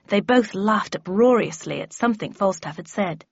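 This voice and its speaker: A woman giving measured, even first-person audiobook narration. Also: mid-range voice, vocal fry, husky, dry recording. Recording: dry, slightly dull recording.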